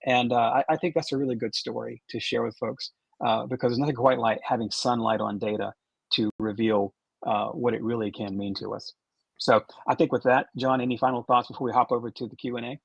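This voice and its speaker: A man's voice: medium pitch, fairly even intonation, brisk, vocal fry, breathy edge, no room sound, poor audio. A man moderating a conference talk and running the questions, speaking steadily with frequent restarts and ums. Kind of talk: conference talk over video.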